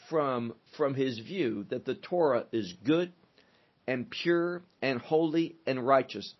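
A man teaching through a psalm verse by verse, deliberate and emphatic, building his points in lists. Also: fairly high pitch, breathy edge. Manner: slow, deliberate, emphatic with listed phrases. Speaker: Bible teacher. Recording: dull lo-fi recording.

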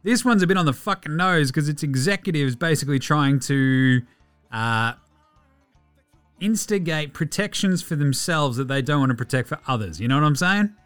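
A man's voice: fairly high pitch, expressive, moderate pace, a bit bright, clear, resonant tone, faint music behind. An Australian man hosting a casual sports news podcast, sarcastic and profane as he mocks the people he talks about. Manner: sarcastic, profane, mocking rants. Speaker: podcast host.

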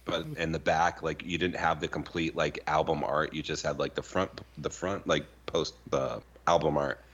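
A man's voice: rumbling low, moderate pace, dull audio, slight background noise. A man co-hosting a podcast, telling stories in casual chat with a lot of swearing and filler words. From Arizona, US. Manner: animated storytelling, heavy swearing, lots of "like". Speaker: podcast co-host.

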